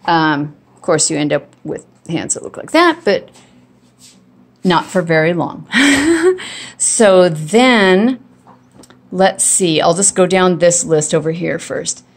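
A woman's voice: lowish voice, animated, slow pace. A woman filming on a handheld phone in her home kitchen, casually showing dog training with a chatty, rambling delivery full of restarts and ums. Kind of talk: casual home video demonstration. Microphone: phone held in hand.

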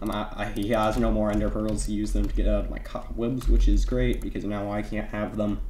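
A man's voice: on the low side, little pitch movement, a little fast, few pauses. Young man giving echoey gameplay commentary. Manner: playful, mock-stern trash talk, turning to panicked yelling. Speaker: gaming YouTuber. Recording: roomy echo, keyboard typing behind.

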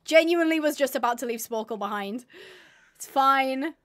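A woman's voice: high-pitched, normal speed, fairly bright tone. A woman streaming a game live, chatting and mocking herself as she talks to her animals. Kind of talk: live gameplay commentary.

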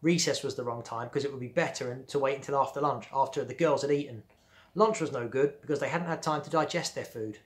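A man reads a children's novel aloud for his class, slow and clear. His pitch sits in the middle for a man. He adds friendly asides between chapters. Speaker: primary school teacher. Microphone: home or classroom video recording.

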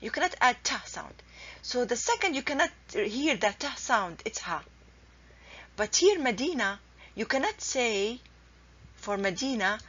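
A woman's voice: fairly high pitch, sing-song, a bit bright, slightly rough. Woman teaching. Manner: patient, repeats examples slowly and carefully. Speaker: Arabic teacher. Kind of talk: explanatory language lesson. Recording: dull lo-fi recording.

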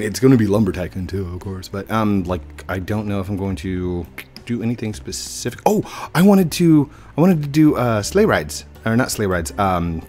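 A young man casually commenting on his own gameplay as a video host, rambling and playful, often laughing at himself. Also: lowish voice.

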